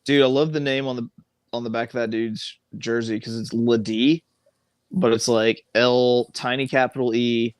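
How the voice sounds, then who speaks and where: Male livestream host, mid-pitched, jokey banter, dry close recording. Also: steady tone, smooth, no room sound. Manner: joking, quick to laugh. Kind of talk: casual sports-watching banter. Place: home garage.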